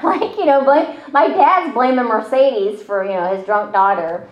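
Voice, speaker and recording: A woman's voice: medium pitch, expressive, normal speed, hardly any pauses. A woman telling her own story in casual conversation, chatty and self-deprecating, with lots of fillers. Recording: roomy, slightly dull audio.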